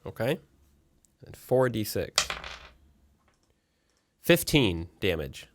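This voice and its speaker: A man's voice: lowish voice, sing-song, very slow, background noise. A man playing a tabletop game with friends, chatty and thinking aloud about his moves. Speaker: player. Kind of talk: casual tabletop game chat.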